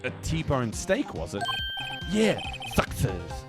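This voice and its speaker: Male streamer, casual playthrough, chatty and mumbling, lively voice, game music underneath. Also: mid-range voice, slow pace.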